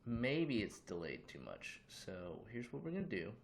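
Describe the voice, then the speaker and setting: A man's voice: fairly low pitch, very animated, normal speed, creaky, slight background noise. A man casually hosting a livestream from his room, chatting loosely and greeting viewers with questions. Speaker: livestream host.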